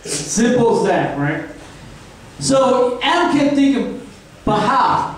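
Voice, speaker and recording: A man's voice: very high voice, sing-song, slow pace. A man doing crude, rambling stand-up comedy, checking in with the crowd with a constant "right?". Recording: echoey room from far off, faint noise.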